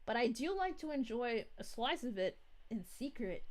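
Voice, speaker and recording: A woman voicing a bubbly, giggly young princess while reading chat live in character, with drawn-out "ooh"s. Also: a little high. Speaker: VTuber streamer.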